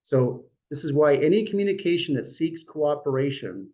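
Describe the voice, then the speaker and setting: A middle-aged man leading a real estate team meeting, talking in a lively, joking way and acting out what clients say. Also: on the high side, normal speed, rough recording. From Dutch family. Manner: lively, jokey, acts out clients' voices. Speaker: brokerage leader running a team meeting. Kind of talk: motivational meeting talk.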